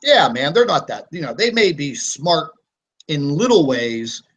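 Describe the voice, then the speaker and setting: A man's voice: on the high side, sing-song, a little slow, a bit bright, slightly rough. A man hosting a live online hangout, talking in a defiant, combative rant with plenty of fillers. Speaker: host of a live online broadcast.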